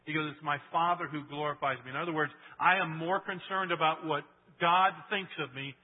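A man delivers a sermon in a loose, conversational way, checking in with the congregation and laughing along. His voice sits fairly high for a man and moves between loud bursts and hushed asides. The sound is thin and tinny, like a phone line. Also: steady tone, brisk. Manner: conversational, keeps asking "right?" and laughing; swings from loud to hushed for emphasis. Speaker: pastor.

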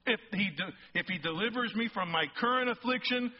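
Emphatic high-voiced male pastor preaching. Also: brisk. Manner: emphatic, rising to near-shouts on key points; asks the congregation frequent check-in questions. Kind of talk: sermon. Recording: slightly muffled sermon recording.

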